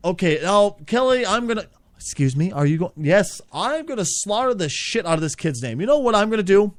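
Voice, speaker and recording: A man's voice: high-pitched, very animated, fairly quick, no echo. A man hosting an improvised comedy show, ranting in a profane, exasperated, rambling way.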